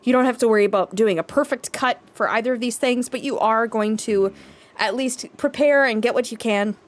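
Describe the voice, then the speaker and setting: A woman acting as game master for a tabletop role-playing game, relaxed and quick to laugh. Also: on the high side. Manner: laughs easily, relaxed and casual.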